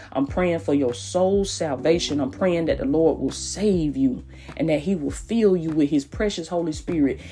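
Woman, devotional podcast host, low mellow voice, hushed half-whisper, repetitive preaching, small closet, faint music behind. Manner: repetitive, calls listeners "baby" and "y'all".

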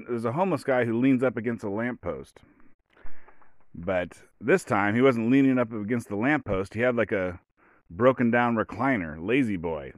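A man's voice: on the low side, dry recording. A man in his late forties, a podcast host telling a long, meandering story in casual, profane chat, full of fillers and restarts. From Oregon, USA. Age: 40s. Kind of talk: rambling casual monologue.

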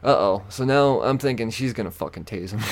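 A man's voice: medium pitch, animated, moderate pace, gravelly, slight background noise. A young man hosting a podcast, telling a story in casual chat, swearing heavily and acting out other people in a raised voice. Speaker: podcast host.

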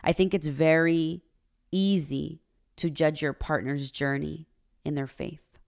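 Woman, podcast host, low voice, earnest confessional monologue. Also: fairly even intonation, slow, gravelly, a little mellow. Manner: earnest, confessional, emotional at times. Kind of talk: personal faith podcast monologue.

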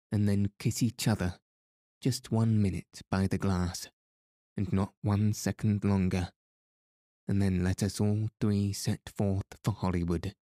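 A man doing a teasing, sharp-tongued young lady. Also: fairly low pitch, dry recording, clean studio sound. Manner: mocking, old-fashioned speech. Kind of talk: audiobook reading.

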